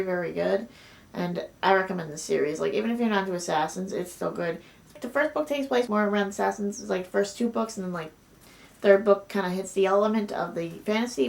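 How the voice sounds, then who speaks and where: Gushing young woman with a gravelly edge. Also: mid-range voice. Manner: gushing, excitable, many "like"s and "oh my God"s. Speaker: book vlogger. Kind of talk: casual book haul chat.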